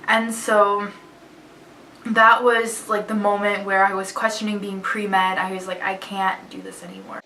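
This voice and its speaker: A woman's voice: medium pitch, a little slow, slight background noise. Chatty young woman in echoey room. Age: young adult. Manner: chatty, candid, expressive. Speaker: vlogger. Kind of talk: casual storytelling to camera. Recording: echoey room, voice a bit far from mic.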